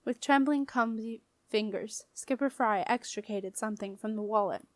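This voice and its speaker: A woman's voice: on the high side, moderate pace, dry recording. Woman reading a storybook, dry close sound. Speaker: audiobook reader. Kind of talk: audiobook narration of a children's fantasy novel.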